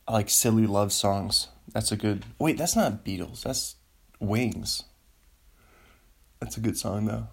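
A man hosting a solo podcast, rambling and excitable, joking around as he talks from his home studio. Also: on the low side, takes it slowly, creaky, long pauses, slightly rough. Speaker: podcast host.

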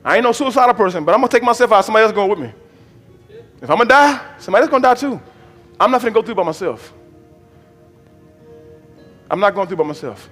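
A male preacher delivering a sermon. He swings from low murmurs to shouted, drawn-out exhortation and repeats phrases in a rhythmic preaching cadence. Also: lively intonation, big-room sound, faint music behind. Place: church hall.

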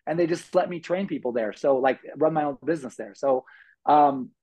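A man telling his life story as a guest on an interview podcast, animated, acting out quotes with lots of fillers. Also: fairly high pitch, a little fast, breathy edge, low-quality recording.

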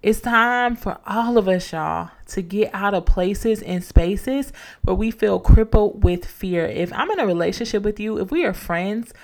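A woman's voice: medium pitch, a little slow, vocal fry. A woman hosting a motivational faith-based podcast. She talks casually and speaks straight to her listeners as friends, repeating key lines the way a preacher does. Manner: casual, encouraging, preacher-like repetition, addresses listeners as y'all. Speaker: podcast host.

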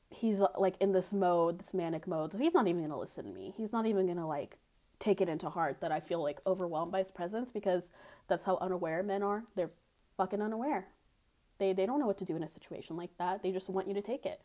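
A woman's voice: medium pitch, a little fast, dark tone. A young woman with a mid-range voice talks through a personal story on her podcast. She is blunt and candid, and her speech is loose and rambling, full of fillers and casual swearing. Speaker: podcast host. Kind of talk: confessional storytelling monologue.

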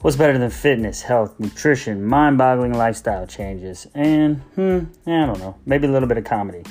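A man's voice: mid-range voice, lively intonation, moderate pace, a little mellow, faint music behind. A man hosting his own podcast, talking in a casual, comedic rant full of "like" and restarts while riding in a car. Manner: rambling, exasperated, repeats "like". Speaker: podcast host.

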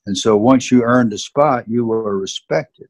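A man's voice: medium pitch, a little slow, no room sound. An older man with a Southern accent, a former football coach telling stories in an earnest, emphatic way. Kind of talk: reflective storytelling in an interview.

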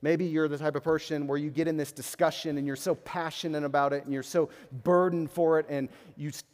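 A young adult man preaching a sermon as a pastor, passionate, swinging between loud bursts and quiet reflective moments. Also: on the high side, little pitch movement, brisk, few pauses. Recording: long hall reverb.

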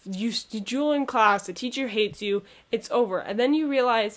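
A woman's voice: a little high, moderate pace, hardly any pauses. A teenage girl in casual chat about school, talking in a chatty, slangy way.

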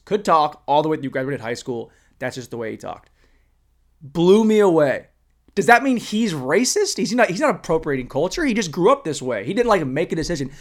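A young man podcasting alone in his room, rambling and profane, swinging between loud rants and muttered asides. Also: mid-range voice. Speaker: solo podcaster. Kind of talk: casual comedic monologue.

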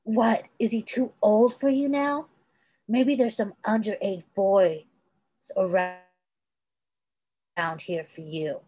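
A woman voicing a defiant, sharp-tongued young man with a sneering, biting delivery in an amateur fan-fiction reading. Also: medium pitch, steady tone, slow pace, long pauses, slightly rough, voice pushed up, rough recording.

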